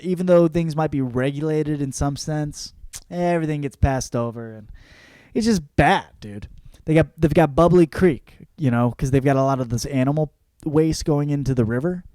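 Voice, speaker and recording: A man's voice: fairly high pitch, warm tone, no echo, clean studio sound. A young man hosting a podcast, giving a casual book review, swearing freely and acting out the characters' lines. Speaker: podcast host.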